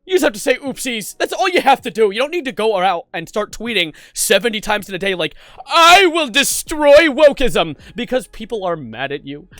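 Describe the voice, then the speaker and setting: High, lively sarcastic male commentator. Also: quick pace, hardly any pauses, dry recording. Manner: sarcastic, incredulous, laughs often. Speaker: YouTube commentator. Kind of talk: internet drama commentary.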